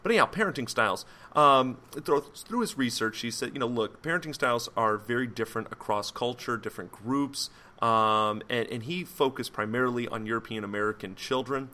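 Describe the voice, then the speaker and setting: A man hosts a solo podcast, rambling through a psychology topic with lots of fillers, self-corrections and jokey asides, even putting on a mock French accent for foreign words. His mid-range voice moves a little fast and has a sharp edge.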